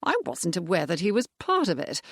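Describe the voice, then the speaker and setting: A narrator voicing a genial old rector. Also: male voice, high-pitched, wildly swooping pitch, brisk, fairly bright tone, no room sound, clean studio sound, exaggerated voice. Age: older. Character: genial older male village rector. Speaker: character in an audiobook. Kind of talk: audiobook character voice.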